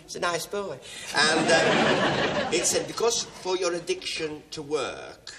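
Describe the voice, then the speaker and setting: A middle-aged man hosts a TV game show with a lilting, sing-song voice that swoops up and down. He teases contestants with chatty, camp asides. A studio audience murmurs all around him on a broadcast recording with steady background hiss. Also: a little high, slow pace, a loud crowd. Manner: teasing, chatty, full of asides and giggles. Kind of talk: camp comic banter with contestants.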